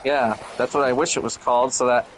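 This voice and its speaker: A man's voice: mid-range voice, fairly even intonation, a little fast, slight background noise. A young man with a nasal, throaty voice chatting bluntly and swearing while gaming. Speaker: gamer. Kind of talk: casual chat while gaming.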